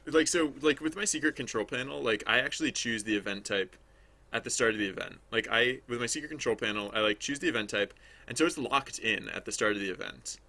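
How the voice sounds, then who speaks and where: A man talks his way through his game project on a casual livestream, thinking out loud and circling back on himself. His voice has a gravelly fry with a bright, forward edge, at a middle pitch. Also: fast. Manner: rambling, thinking aloud with many restarts. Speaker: game developer streaming his work. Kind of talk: casual livestream commentary while working.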